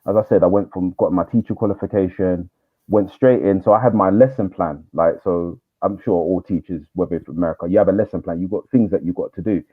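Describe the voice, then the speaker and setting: Fast-talking man on a tinny line. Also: low-pitched, husky. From East London. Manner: animated storyteller, quick. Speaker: guest, teacher trainer. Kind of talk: interview storytelling.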